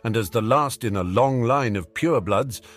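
A man's voice: mid-range voice, normal speed, natural voice. Man voicing a cheeky, wry teenage wizard. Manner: sardonic, breezy.

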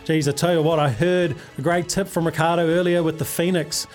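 Energetic radio host. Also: male voice, a little high, a little fast, soft background music. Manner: chummy, energetic, calls callers mate. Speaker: radio sports show host. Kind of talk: upbeat radio quiz with callers.

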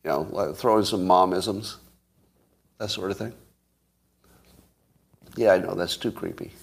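A man's voice: sits low, unhurried, vocal fry. A man from California hosting a show, chatting casually and joking as he rambles between topics. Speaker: host. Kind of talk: casual chat with listeners.

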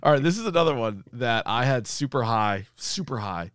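Man, casual podcast co-host, smooth clear voice, dry close sound, animated retelling. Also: medium pitch, moderate pace, dry recording. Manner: animated retelling of comedy sketches; swears casually. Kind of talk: casual chat.

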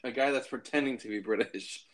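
A man's voice: mid-range voice, brisk, a crowd in the background. Giggly man hosting a tabletop podcast. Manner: laughs often, hesitant with many ums. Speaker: podcast host and player. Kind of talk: casual banter among friends.

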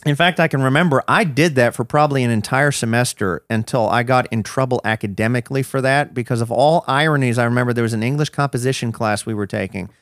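A man's voice: mid-range voice, fast talker, hardly any pauses, fairly bright tone, no echo, clean studio sound. A man as a podcast guest, telling his own story in a reflective, self-deprecating way with many restarts. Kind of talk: personal storytelling in a podcast interview.

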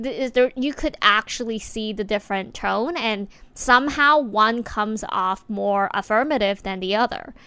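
A woman's voice: medium pitch, a bit bright, smooth, no echo. A woman speaking in a casual talking-to-camera monologue, reflective and chatty with many filler words.

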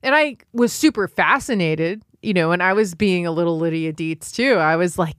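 A woman's voice: on the low side, normal speed, hardly any pauses, dry recording, studio quality. A woman co-hosting a comedy podcast, telling rambling, profane stories in casual chat. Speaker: podcast co-host.

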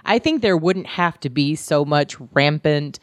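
Blunt, sarcastic woman with a lowish voice. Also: expressive, unhurried, no room sound. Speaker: podcast co-host. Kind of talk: casual chat.

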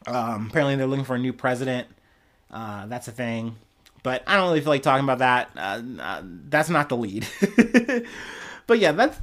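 A man hosting his own podcast, giving casual solo news commentary in a blunt, profane and animated way. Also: mid-range voice. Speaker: podcast host.

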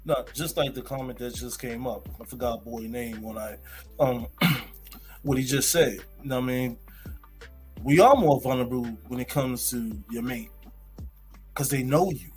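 A man's voice: mid-range voice, moderate pace, long pauses, soft background music. A man in a casual group discussion, telling stories in a laid-back way, laughing often and checking in with listeners. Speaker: discussion panelist.

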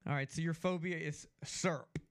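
A man co-hosting a sports talk show, his voice pitched high and full of gravelly fry. He keeps the banter playful and teasing, and he reads listener messages aloud. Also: fairly even intonation, moderate pace. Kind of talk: casual chat.

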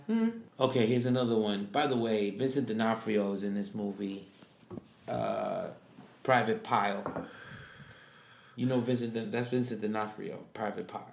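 A man co-hosting a podcast, chatting casually in an animated way with quick laughs. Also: on the low side, gravelly, slight background noise. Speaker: podcast co-host. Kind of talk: casual chat. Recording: roomy echo.

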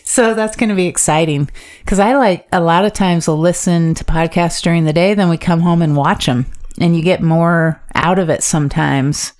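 A woman's voice: lowish voice, moderate pace, darkish tone. A woman co-hosting a casual podcast, chatty and laughing easily. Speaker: podcast co-host. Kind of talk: casual chat.

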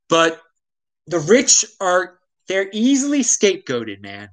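A man's voice: sits high, big pitch swings, a little slow, a bit bright, rough recording. A man hosting his own show, delivering a casual, exasperated opinion monologue full of restarts, from the Baltimore area. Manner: ranting, exasperated, frequent restarts. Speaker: show host.

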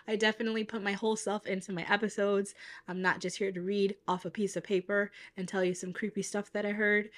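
A young woman talks to her listeners in a loose, chatty way. Her voice sounds stuffy, as if she is getting over a cold. She keeps laughing at herself as she talks. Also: medium pitch. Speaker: podcast host. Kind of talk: casual podcast chat.

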